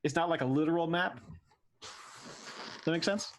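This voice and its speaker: A man's voice: fairly high pitch, moderate pace, a little hiss or hum. A man playing in a tabletop game, talking casually in a hesitant, rambling way with many restarts. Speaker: player.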